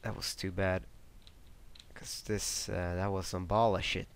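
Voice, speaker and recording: A man giving casual live commentary over his own online shooter match, swearing, grumbling in frustration and breaking into excitable outbursts. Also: deep voice, unhurried, clean tone. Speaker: gameplay commentator.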